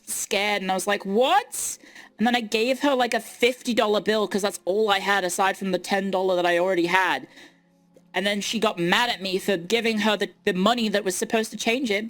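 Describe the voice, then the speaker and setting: A woman's voice: mid-range voice, fairly bright tone. A young woman streaming, ranting in casual chat with incredulous outbursts. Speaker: VTuber streamer.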